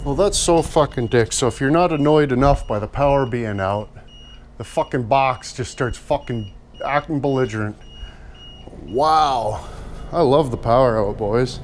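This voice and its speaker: A man's voice: medium pitch, unhurried. A man vlogging casually, grumbling and sarcastic, swearing constantly as he rambles. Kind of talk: casual profane rambling vlog. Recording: noisy outdoor or car recording.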